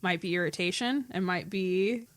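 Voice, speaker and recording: A woman's voice: fairly low pitch, normal speed. A woman hosting a podcast, easygoing and joking as she asks her guests questions. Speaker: podcast host. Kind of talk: casual podcast chat.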